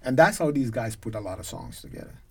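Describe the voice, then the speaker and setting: A man from Jamaica with a Jamaican accent, a reggae concert promoter telling stories as a guest, lively and emphatic. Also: on the low side, fast talker, creaky, husky. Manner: lively storyteller who grows loud and emphatic. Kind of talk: animated storytelling in a conversation.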